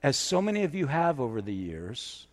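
A man's voice: mid-range voice, very animated, moderate pace. Man preaching in an echoing hall. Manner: conversational and self-deprecating, building to emphatic preaching. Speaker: pastor. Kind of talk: sermon. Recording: long reverb of a large hall.

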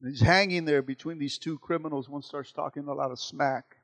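High, bright-voiced impassioned male preacher. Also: fairly even intonation, fairly quick. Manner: swings from quiet to loud impassioned preaching; repetitive emphatic phrasing. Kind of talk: sermon.

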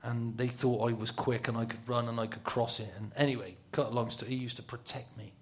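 A man's voice: mid-range voice, steady tone, fast. A middle-aged man telling football stories in a casual talk, laughing often and dropping to a whisper for his inner thoughts. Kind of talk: casual storytelling on a talk show.

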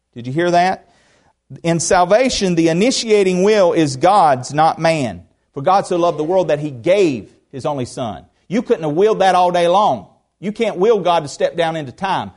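Earnest preacher, rising and falling. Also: male voice, fairly high pitch, lively intonation, normal speed. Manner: earnest preaching that swings between emphatic rises and soft drops; conversational asides and rhetorical questions. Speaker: pastor. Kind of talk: expository sermon.

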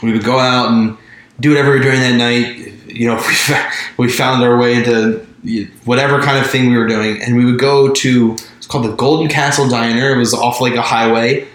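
A man co-hosting a podcast, chatting casually in a voice of middling pitch. He rambles and restarts his sentences, laughing now and then. His voice rings around a very echoey room. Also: steady tone, fairly quick, a bit bright. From Mid-Atlantic United States. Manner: rambling, self-interrupting, laughs often. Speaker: podcast co-host. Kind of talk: casual chat.

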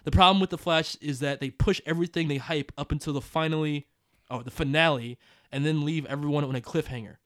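A male podcast host reads listener emails out loud, breaking in with jokes and quick laughs. His voice sits a bit high. The recording is close and dry, with no room sound. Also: fairly even intonation, no echo. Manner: reads aloud with joking asides, laughs often. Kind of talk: casual podcast chat.

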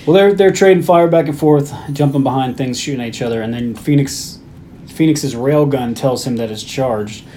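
A man's voice: medium pitch, moderate pace, warm tone, a little hiss or hum. Man casually recapping a movie. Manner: plot-summarizing with fillers. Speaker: podcast co-host.

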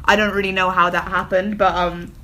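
A woman's voice: lowish voice, level tone, fairly quick, bright, forceful tone. A woman who grew up in England co-hosting a podcast, telling a story in a chatty, playful way. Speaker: podcast co-host. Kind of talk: casual chat.

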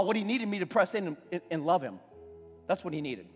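Pastor in his forties, slightly high voice, chatty sermon that builds to loud emphasis, long church-hall echo. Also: animated, fairly quick, husky. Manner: conversational storytelling, restarts, swells to loud emphasis. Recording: long reverb of a church hall, faint music.

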